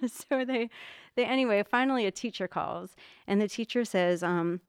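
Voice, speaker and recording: A middle-aged woman telling a story with lively, animated delivery, jumping up in pitch whenever she quotes someone. Her voice is smooth and clear, and the recording is dry and close. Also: normal speed, no echo. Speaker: art teacher and mother. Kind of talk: casual storytelling chat.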